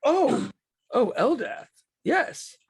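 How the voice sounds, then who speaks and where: A man voicing an overexcited bearded human camp leader who gushes greetings in a high voice. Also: wildly swooping pitch, very slow, vocal fry, slightly rough, dry recording, clean studio sound, exaggerated voice. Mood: flustered. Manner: high, effusive, gushing greetings.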